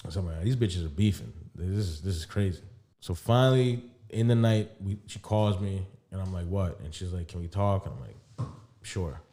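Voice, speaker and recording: A young man with a low, mellow voice recounts a personal drama to his co-host on a podcast. He tells it casually and keeps acting out both sides of the conversation. He swears freely and laughs as he goes. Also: normal speed. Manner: animated storyteller, quotes conversations, frequent laughs and profanity. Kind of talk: casual storytelling chat.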